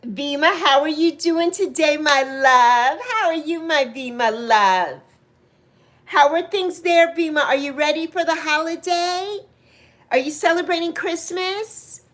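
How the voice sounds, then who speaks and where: A woman in her sixties hosting a casual livestream chat. She greets viewers by name, speaks openly about her feelings, laughs easily and swoops up into excited highs. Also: unhurried. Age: 60s. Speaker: livestream host.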